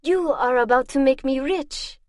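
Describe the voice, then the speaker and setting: A woman voicing a calm greedy old bounty hunter. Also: high voice, measured pace, no room sound, studio quality, pitched above the performer's own voice. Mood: calm menace. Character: older male bounty hunter with a thick accent, calm and greedy.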